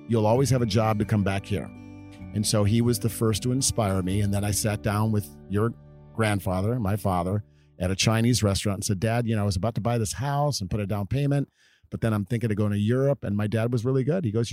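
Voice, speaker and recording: Rambling, low-voiced middle-aged American man. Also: fast, darkish tone, soft background music. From California. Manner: rambling, reminiscing, with many fillers. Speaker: father being interviewed by his child. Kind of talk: casual storytelling.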